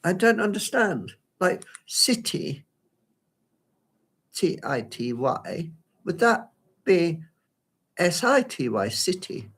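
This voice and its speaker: A man's voice: high voice, sing-song, takes it slowly, pauses often, fairly bright tone, slightly rough. A man giving a live solo performance at home, rambling and flustered as he talks to himself. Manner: rambling, flustered self-talk. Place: at home by a window.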